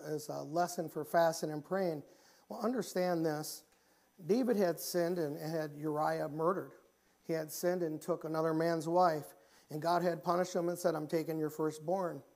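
A man preaching a church sermon, often repeating and restarting phrases and rising in pitch and volume when he reaches the pleading passages. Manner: grows louder and higher when pleading passages. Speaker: pastor. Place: church sanctuary.

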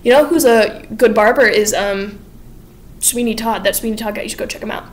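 A sly male henchman who is breezy and offhand, as a woman puts him on. His voice sits a little high. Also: brisk, close to an everyday voice.

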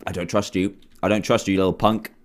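A man's voice: low voice, steady tone, fairly quick. A young man hosting a horror game playthrough, jumpy and exclaiming as he talks to himself and his viewers. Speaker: gaming video host. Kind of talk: let's play commentary.

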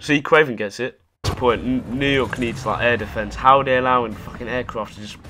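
A young man riffs over his gameplay in a mocking, foul-mouthed running commentary. His voice sits at an ordinary middle pitch, and he talks casually straight to his viewers. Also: brisk, music in the background. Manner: sarcastic, sweary running commentary. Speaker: gaming YouTuber.

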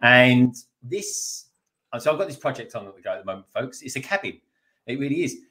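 A man joining a live stream as guest, chatting casually, laughing often and repeating words for emphasis. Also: medium pitch. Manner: laughs easily, repeats himself, stresses words. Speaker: guest co-host.

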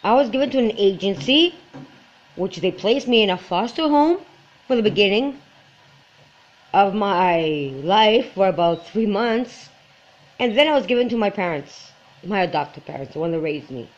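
A woman's voice: medium pitch, animated, muffled recording. Emotional woman in her forties, vlogging. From Quebec. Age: 40s. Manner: earnest, emotional, halting. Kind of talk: personal vlog talk to camera.

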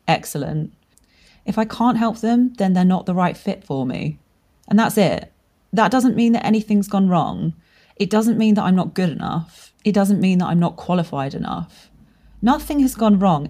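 A woman with a slightly low voice hosts a solo podcast about running a business. She talks frankly and casually, dropping swear words as she goes. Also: animated, normal speed, mellow. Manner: candid, swears freely, storytelling with laughs. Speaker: podcast host and brand strategist.

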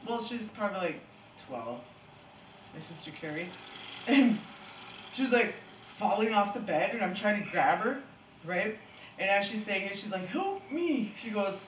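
A man's voice: sits high, normal speed, pauses often, a bit bright. A man in casual drinking chat who laughs often and teases, with a profane way of talking. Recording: roomy, distant mic with background noise.

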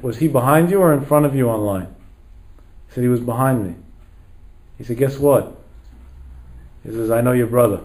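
A man delivering a sermon as a rabbi, telling a story in sprinkled phrases. His voice sits in an ordinary middle pitch. He acts out each character's words, swells to emphatic highs and sinks to hushed low lines. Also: low-quality recording. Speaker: rabbi lecturer.

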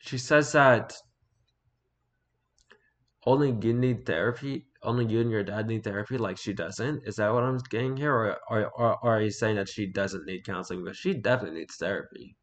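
A man reading online stories aloud in a casual, halting way, stumbling over words and breaking off to comment. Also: lowish voice. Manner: reads haltingly, stumbles and repeats words, then comments offhand.

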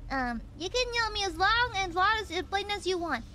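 A young woman streamer chats with her audience in a very high voice that swoops up and down. She teases viewers and thanks them for donations, playful and animated. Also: slight background noise. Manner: playful, teasing, reads out donations; animated, quick pitch jumps. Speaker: VTuber streamer. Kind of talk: casual live-stream chat while gaming.

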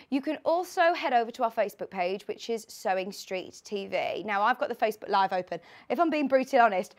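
A woman in her late twenties presenting a live sewing shopping show from a studio, chatty, bubbly and excitable. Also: fairly high pitch, fairly quick, few pauses. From United Kingdom. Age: late 20s.

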